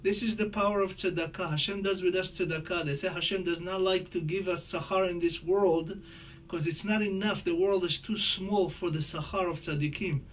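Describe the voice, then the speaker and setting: A man teaching a Torah lesson in English, chatty and explanatory, reciting verses quickly. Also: high-pitched, steady tone, a little hiss or hum. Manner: conversational teaching, mixing Hebrew quotes into English; rattles off Hebrew verses quickly. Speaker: rabbi teaching a class.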